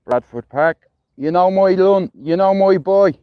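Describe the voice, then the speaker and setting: A man's voice: high voice, unhurried, smooth, no echo, lo-fi sound. A middle-aged man with a Dublin accent chatting casually on a livestream while walking outdoors, rambling and swearing with lots of "you know what I mean". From Ireland. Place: outdoors, walking through a neighbourhood.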